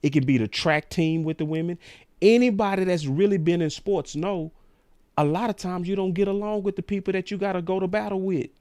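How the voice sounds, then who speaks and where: A man's voice: high-pitched, a little fast, smooth, no echo. Guy doing sports talk rant, fired up and slangy, dry close mic. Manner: animated, ranting, slangy. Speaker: sports show host. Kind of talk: casual sports commentary.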